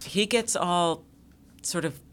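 A middle-aged woman hosting a podcast, telling stories in a chatty, self-mocking way and swooping high when she gets excited. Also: takes it slowly. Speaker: podcast host. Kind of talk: casual podcast chat.

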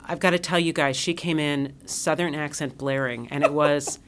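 A woman's voice: sits low, steady tone, moderate pace. A middle-aged woman hosting a casual chat, playful and teasing as she reads viewer questions. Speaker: host.

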